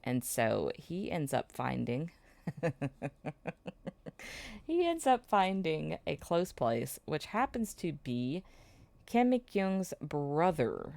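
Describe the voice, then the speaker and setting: A woman's voice: sits low, sing-song, takes it slowly, vocal fry, pauses often, a little mellow, dry recording. A woman host casually recapping a drama plot, chatty with frequent fillers and laughs.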